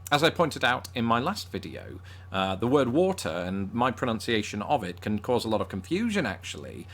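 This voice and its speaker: A man's voice: fairly low pitch, very animated, moderate pace. A man with a northern English accent presenting a scripted video with dry, self-deprecating humour. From northern England. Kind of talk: scripted comedic commentary.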